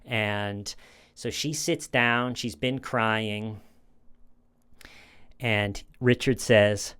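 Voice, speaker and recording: A man's voice: on the low side, steady tone, extremely slow, long pauses, a bit bright, smooth. A man giving casual true crime commentary, retelling a scene in a conversational way with repeated phrases and small restarts.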